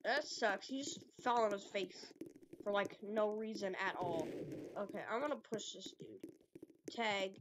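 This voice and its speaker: A woman giving playful, excitable commentary while trolling players in a game, often giggling and trash-talking. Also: mid-range voice, unhurried. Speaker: gaming video creator. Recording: noisy recording with clicks.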